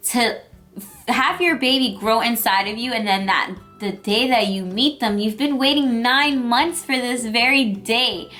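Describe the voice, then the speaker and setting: A woman's voice: medium pitch, sharp tone. A young woman telling her birth story as a vlogger, chatty and emotional, with lots of fillers. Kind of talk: personal storytelling vlog.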